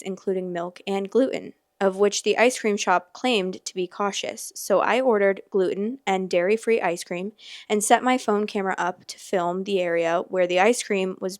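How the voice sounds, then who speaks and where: A chatty woman host reading stories aloud and riffing on them, full of fillers and quick exclamations. Her voice sits at a middle pitch and is recorded close and dry, with no room sound. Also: no echo. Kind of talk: casual chat and reading aloud.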